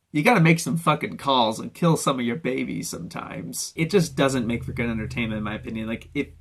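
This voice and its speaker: A man's voice: fairly high pitch, fairly bright tone. A man giving unscripted, ranting commentary on anime videos, swearing often and mocking others in put-on quotes. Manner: ranting, profane, mocking impressions.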